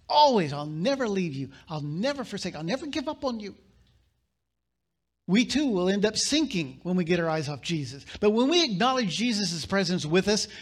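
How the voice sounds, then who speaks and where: A male pastor delivering a sermon, reading scripture aloud with dramatic pauses and sudden bursts of emphasis. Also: sits high, fairly bright tone.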